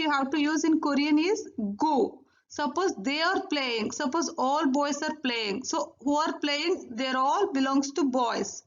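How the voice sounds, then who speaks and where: Slow, high-voiced woman drilling vocabulary. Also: lo-fi sound. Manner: slow, repeats each word twice for drilling. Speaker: language teacher. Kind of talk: recorded language lesson.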